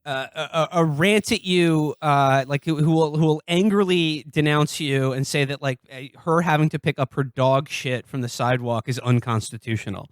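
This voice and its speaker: A man co-hosting a comedic podcast, speaking sarcastically and haltingly with many fillers. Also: on the high side, clear, resonant tone, dry recording, clean studio sound. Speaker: podcast co-host. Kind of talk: casual comedic podcast chat.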